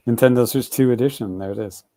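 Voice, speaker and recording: A man's voice: medium pitch, mellow. A man co-hosting a casual podcast chat, rambling and hedging as he explains things. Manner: rambling, hedges with "like". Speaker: podcast co-host.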